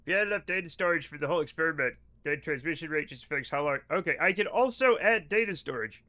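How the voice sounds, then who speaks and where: A livestream gamer talks quickly in a slightly high, sharp-toned voice full of animation. While playing, he chats loosely with his viewers in a rambling, profane and jokey way.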